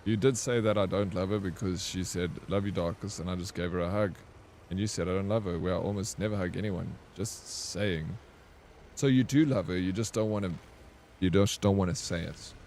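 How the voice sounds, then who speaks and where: Male streamer, lower register, playful teasing banter while he answers his chat. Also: steady tone, moderate pace, a little mellow, a little hiss or hum. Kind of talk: livestream chat with viewers.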